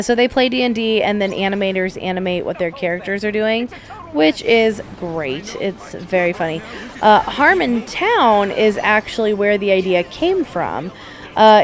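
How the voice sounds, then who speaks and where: A woman co-hosting a gaming podcast, chatting casually during a playthrough and retelling stories with acted-out quotes. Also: mid-range voice. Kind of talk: casual chat over a game playthrough.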